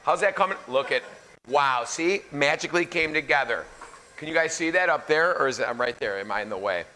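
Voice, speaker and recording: A man's voice: on the high side, expressive, a little fast, sharp tone, slight background noise. A man in his forties hosts a live cooking demo, joking and teasing the audience between tips. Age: 40s. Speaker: celebrity chef host. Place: pizza academy kitchen before a live audience.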